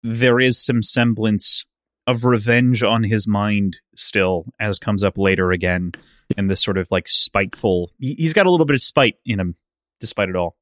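A man's voice: lowish voice, normal speed, a bit bright, no echo, clean studio sound. A man co-hosting a casual book discussion podcast, recapping scenes thoughtfully with a lot of "like" and "sort of". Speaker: podcast co-host.

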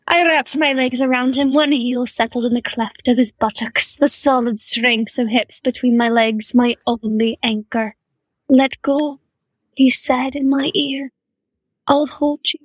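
A young woman reading a novel passage aloud, slow, hushed and expressive, dropping to a whisper at times. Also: on the high side, no room sound, rough recording.

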